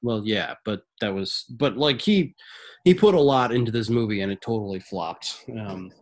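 A man co-hosting a podcast while sick, his voice husky and congested, talking in a groggy, grumbling, halting way. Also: lowish voice, expressive. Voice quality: husky from illness. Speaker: podcast co-host. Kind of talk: casual chat.

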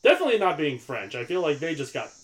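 Chatty podcast guy, bouncy up and down voice, slightly high, says yeah a lot. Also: fast talker. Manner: chatty, many yeahs, animated tangents. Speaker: podcast co-host. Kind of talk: casual film discussion.

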